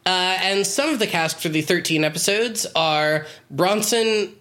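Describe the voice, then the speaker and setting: A man's voice: high voice, unhurried, sharp tone. A man co-hosting a podcast, chatting casually and sarcastically about a TV show, swearing now and then. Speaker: podcast co-host.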